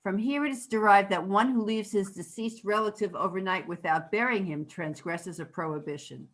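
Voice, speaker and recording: Woman student reading out loud on a video call, careful and steady, mid pitch. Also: moderate pace, rough recording. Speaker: student reading aloud in class. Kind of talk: reading a text aloud.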